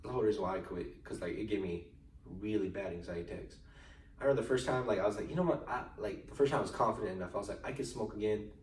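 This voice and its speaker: A man's voice: lowish voice, rapid-fire. A young man co-hosting a podcast in casual chat, telling long rambling stories full of slang and swearing. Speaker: podcast co-host. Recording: roomy echo, far from mic, faint noise.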